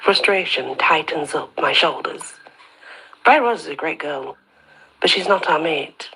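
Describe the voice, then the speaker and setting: Husky low-voiced woman reading a story. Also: animated, unhurried, pushed and bright, rough recording. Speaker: storyteller, channel host.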